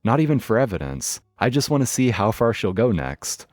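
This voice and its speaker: A man's voice: fairly low pitch, very animated, normal speed, darkish tone, no echo. A man narrating online stories in a wry, matter-of-fact scripted style. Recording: dry studio voice with faint music. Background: faint background music.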